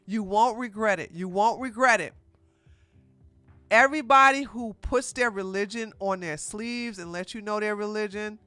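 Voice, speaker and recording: A woman giving casual reaction commentary as a streamer, animated and laughing often as she reads posts aloud. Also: medium pitch, smooth.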